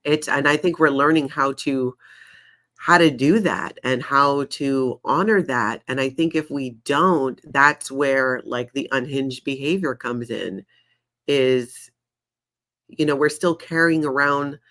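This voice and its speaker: A woman's voice: a bass voice, slow pace, a bit bright. A woman speaking as a guest in a candid conversation, sounding reassuring and reflective. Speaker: podcast guest.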